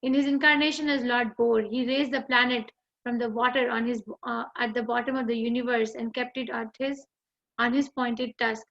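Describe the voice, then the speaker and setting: A woman with an Indian English accent, teaching an online class and reading scripture in a measured, deliberate way. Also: fairly high pitch, steady tone, a bit bright. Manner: measured, deliberate recitation with chanted mantras. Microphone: video call. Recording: dull lo-fi online call audio.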